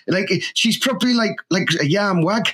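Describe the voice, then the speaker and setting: A Teesside man holds forth in crude comic banter, boastful and forever checking "you know what I mean". His voice sits high and sounds husky. He is heard over a video call. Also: animated, normal speed, a bit bright. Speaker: comic co-host in character.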